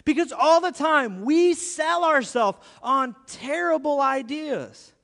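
A male pastor giving an animated, conversational sermon with playful asides. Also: very high-pitched, slow, gravelly. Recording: long hall reverb.

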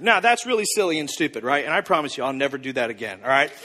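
A man's voice: mid-range voice, very animated, very fast, hardly any pauses, bright, forceful tone. A man preaching a sermon in a playful, upbeat way, speaking directly to his audience. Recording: reverberant hall.

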